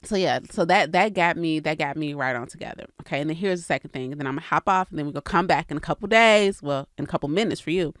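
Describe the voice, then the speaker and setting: A woman's voice: low voice, fast, hardly any pauses, dry recording, studio quality. A woman hosting a casual podcast monologue, talking candidly and earnestly to her listeners about faith and business. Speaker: real estate coach and podcast host.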